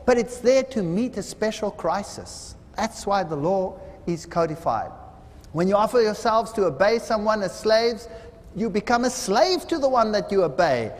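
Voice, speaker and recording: Male seminar preacher, high lively voice, dramatic parable-teller; long hall reverb. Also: moderate pace. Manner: dramatic storytelling, acts out quoted voices. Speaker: seminar speaker. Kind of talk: sermon. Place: large hall.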